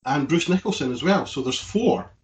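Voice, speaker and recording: A man's voice: on the high side, lively intonation, normal speed, low-quality recording. A man hosting a casual chat, eager and keeping the conversation moving. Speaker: host. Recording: faint background noise.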